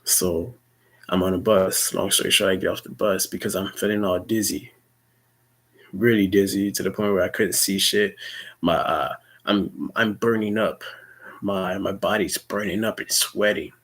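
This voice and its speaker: A young man tells a personal story in a husky, breathy voice that sits on the low side. He rambles casually, swears freely and often trips over repeated words as he restarts his sentences. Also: fairly even intonation, normal speed, fairly bright tone. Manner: rambling, profane, stammering restarts.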